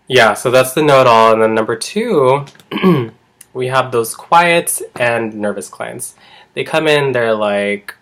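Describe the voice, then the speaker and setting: A man's voice: mid-range voice, slow, a bit bright. A man, an eyebrow artist, chatting casually in a vlog, rambling and filling his talk with "like". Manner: rambling, heavy use of "like".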